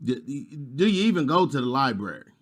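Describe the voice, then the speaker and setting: Over a video call, a middle-aged man performs stand-up with lots of energy. Whenever teachers come up, he slips straight into a squeaky, high-pitched voice.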